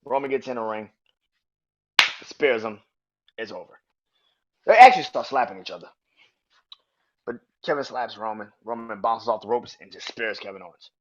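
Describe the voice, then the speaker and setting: A man hosting a podcast, casually reviewing a wrestling match in a profane, animated way. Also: fairly low pitch, moderate pace, pauses often, slight background noise. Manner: animated, profane, acts out quotes in raised voices. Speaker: podcast host. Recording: dull lo-fi audio.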